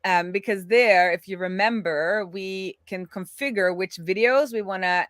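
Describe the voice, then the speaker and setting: A woman's voice: medium pitch, measured pace, no echo. A woman co-hosting a live coding stream, talking casually and thinking aloud with frequent restarts. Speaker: co-host, web developer.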